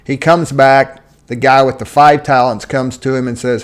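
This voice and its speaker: A man's voice: little pitch movement, normal speed, hardly any pauses, clear, resonant tone. A man giving a casual solo talk on faith and money, speaking conversationally with occasional restarts as he searches for words. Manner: conversational, acts out quoted voices with rising pitch. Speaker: Christian finance teacher.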